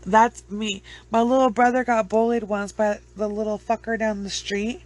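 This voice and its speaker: Casual, blunt woman host; mid-pitched, rambling delivery. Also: little pitch movement, moderate pace, hardly any pauses, darkish tone. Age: adult with children. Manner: rambling and blunt, swears freely, laughs at own stories. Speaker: true crime vlogger. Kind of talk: casual chat to camera.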